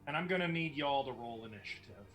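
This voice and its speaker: A man's voice: medium pitch, expressive, fast talker, a bit bright, faint music behind. A man running a tabletop game as game master, narrating with playful teasing.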